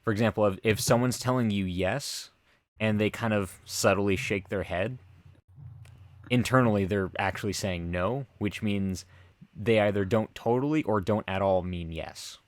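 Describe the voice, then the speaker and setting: A man's voice: fairly low pitch, moderate pace, no echo. An American man co-hosting a casual podcast chat, joking around and explaining things at length. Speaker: podcast co-host.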